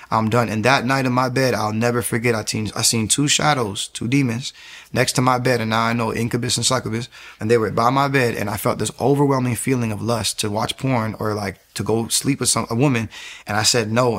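A man giving an emotional personal testimony as an interview guest, telling his story quickly and acting out what people said. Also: mid-range voice. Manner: fast, animated storytelling, acting out quotes.

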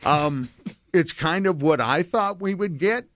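Male co-host, slightly higher voice, halting agreeable chat, dry studio mic. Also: animated, fairly bright tone, dry recording. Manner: hesitant, many fillers, agreeable. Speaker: morning radio co-host. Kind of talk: casual radio banter. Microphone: studio microphone.

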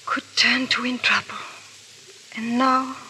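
A proud, troubled noblewoman speaks earnestly in a bright, fairly high voice. A faint hiss sits under the recording. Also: level tone, takes it slowly, full character voice. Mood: reproachful. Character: troubled aristocratic wife, proud and anxious.

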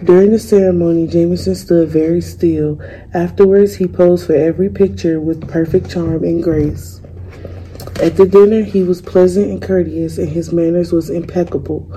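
A young woman, a student, reading a children's picture book aloud in a gentle, unhurried way. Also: on the low side, steady tone, a little hiss or hum, poor audio. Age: young adult. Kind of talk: storybook read-aloud.

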